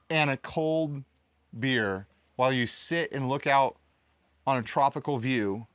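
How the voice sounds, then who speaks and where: A man's voice: medium pitch, no room sound. A man hosting a casual chat outdoors, telling stories and laughing often. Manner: laughs often, animated storytelling. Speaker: podcast host. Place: outdoors on a tropical island.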